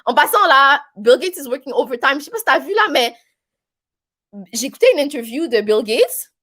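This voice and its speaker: A woman's voice: high-pitched, lively intonation, a little fast, pushed and bright. A woman with a Québécois French accent hosting a casual live stream, chatty and rambling, with many fillers. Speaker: live stream host reading viewer comments.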